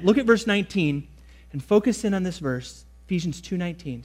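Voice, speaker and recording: Young pastor preaching, high voice, leans hard on words then rushes asides. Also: male voice, animated, a little mellow, soft background music. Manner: emphatic preaching, shifts between quick asides and slow stressed words. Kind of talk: sermon.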